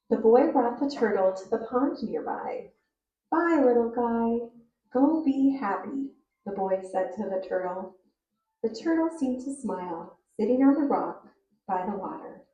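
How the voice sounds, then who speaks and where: A woman teacher explaining reading fluency in a clear, measured way and reading a story aloud to show it. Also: medium pitch, mellow, dull audio. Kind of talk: reading instruction with read-aloud demos. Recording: roomy, distant recording.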